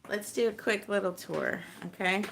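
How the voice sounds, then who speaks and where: A woman's voice: mid-range voice, moderate pace, creaky, very noisy. A tipsy woman vlogging into a handheld phone, chatty and profane, rambling as she thinks aloud. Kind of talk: casual rambling vlog.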